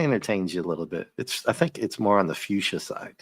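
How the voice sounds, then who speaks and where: Low-voiced man hosting a comic chat. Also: quick pace, no echo, clean studio sound. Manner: animated, joking, drops into silly impressions. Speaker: comic review host. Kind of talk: casual chat.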